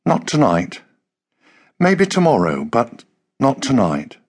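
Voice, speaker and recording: A male audiobook narrator voicing a sad young woman, speaking softly in a raised, melancholy tone. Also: huge pitch swings, takes it slowly, husky, exaggerated voice. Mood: pleading. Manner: soft, melancholy, pitched up. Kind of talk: audiobook character voice.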